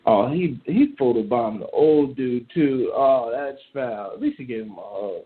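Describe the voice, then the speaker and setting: A man holds forth as host in loose, animated commentary, blunt and profane as he reacts out loud. His voice sits at an ordinary middle pitch. The sound is thin and tinny, like a phone line. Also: unhurried, a little hiss or hum. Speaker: show host. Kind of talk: casual ranting commentary.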